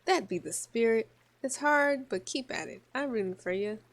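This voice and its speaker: Reading a visual novel aloud in character voices, a woman plays a languid noble countess with slow, drawn-out, mock-regal delivery. Her voice is slightly high, animated and lightly acted, with a warm mood.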